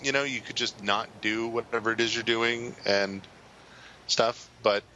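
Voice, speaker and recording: A man's voice: fairly low pitch, level tone, measured pace, sharp tone, highs cut off, slight background noise. A man co-hosting a podcast in casual chat, rambling and hesitant with a lot of fillers. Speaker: podcast co-host.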